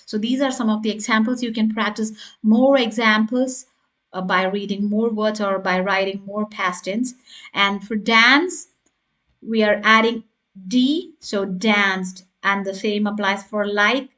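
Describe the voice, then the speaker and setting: Slow, patient woman teaching grammar. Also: medium pitch, sharp tone, muffled recording. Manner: slow, patient, spells out letters and checks in with "right?". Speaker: English teacher. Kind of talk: grammar lesson.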